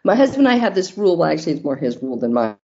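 A middle-aged woman talks candidly as an interview guest, telling personal stories from her marriage. Her voice sits a little low and has a mellow, warm tone. The recording sounds slightly dull and lo-fi. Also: very animated, very fast. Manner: candid, storytelling, faith-based. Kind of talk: casual interview talk.

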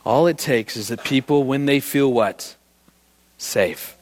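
A man's voice: mid-range voice, takes it slowly. A middle-aged man giving a presentation on marriage, telling stories with energy and asking the audience questions. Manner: animated storyteller who quizzes the audience. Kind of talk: live talk to an audience.

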